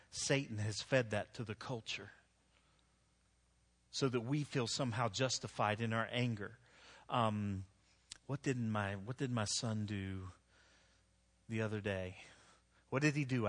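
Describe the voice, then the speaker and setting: A man's voice: medium pitch, fairly bright tone. A middle-aged man preaching a sermon, telling stories about himself in a conversational way with frequent restarts. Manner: conversational, self-deprecating storytelling with frequent restarts. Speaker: pastor. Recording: long echo of a large hall.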